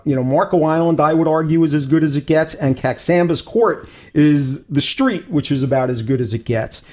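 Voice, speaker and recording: A man hosting a local radio property show, talking up a waterfront lot with emphatic salesmanship. His voice sits a bit higher than most men's. The tone is casual chat, not scripted. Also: warm tone. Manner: enthusiastic sales pitch, emphatic. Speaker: radio show host and real estate agent.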